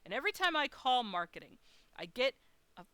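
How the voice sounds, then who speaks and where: Woman streamer, bright crisp voice, dry close mic, frank chatty storyteller who swears. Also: sits high, big pitch swings, a little fast, dry recording. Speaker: live-streaming artist. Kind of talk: casual storytelling on a live stream.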